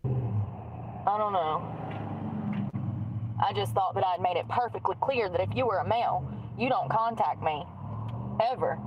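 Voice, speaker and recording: Woman, casual chatty vlogger, mid-pitch, faint car noise behind. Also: expressive, measured pace, pauses often, dull audio. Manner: chatty, musing, drifts off mid-sentence. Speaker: streamer. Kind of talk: casual chat while doing makeup.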